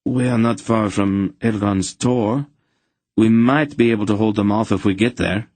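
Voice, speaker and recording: A man's voice: on the low side, unhurried, darkish tone, dry recording, pitched above the performer's own voice. A man voicing an earnest young nobleman who speaks with urgent strain. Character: young male Arendish nobleman, earnest, gallant.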